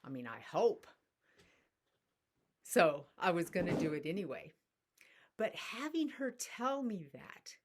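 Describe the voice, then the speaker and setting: Middle-aged woman, low voice, talks real slow and soft, spiritual teacher vibe. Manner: slow, soft-spoken, storytelling. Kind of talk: reflective spiritual talk.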